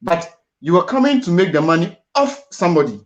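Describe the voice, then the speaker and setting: A man's voice: high voice, very animated, a little fast, muffled recording. A man hosting a boxing panel show, talking earnestly and often restarting his words.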